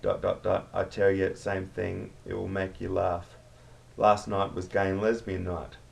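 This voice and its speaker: A man's voice: deep voice, completely flat delivery, a little slow, creaky, full character voice. A man voicing a cheeky pub worker who tells stories as a joke. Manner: cheeky storytelling banter. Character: cheeky male Aussie pub worker, joker.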